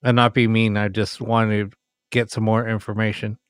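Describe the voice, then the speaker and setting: A man's voice: lowish voice, flat delivery, moderate pace, clean tone, no echo. A man hosting a late-night ghost box livestream, talking casually with many ums and sounding tired.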